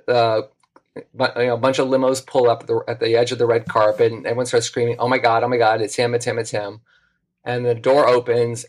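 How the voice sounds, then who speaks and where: A middle-aged man tells a story as a guest on a podcast, in an easy conversational way. He gets animated and acts out the voices of the people in his tale, and his voice sits at a medium pitch. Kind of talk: casual storytelling.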